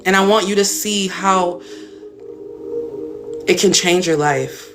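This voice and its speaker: A woman's voice: lowish voice, takes it slowly, over music. A woman hosting a live stream as a spiritual coach, talking casually and bluntly with some cursing. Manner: blunt, chatty, swears casually.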